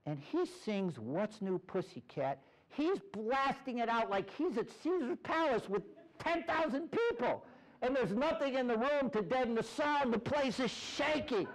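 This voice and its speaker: A man in his sixties giving a lively storytelling talk as a guest speaker, speaking straight to a live audience. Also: high voice, low-quality recording. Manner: lively anecdotal delivery, addresses audience directly. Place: classroom or lecture hall with live audience.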